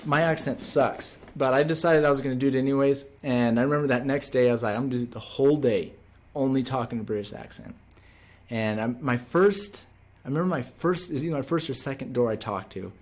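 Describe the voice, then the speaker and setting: A man's voice: mid-range voice, fairly quick, darkish tone. A man in his thirties, a salesman, casually telling a story in an earnest, rambling way with many restarts. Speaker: door-to-door salesman.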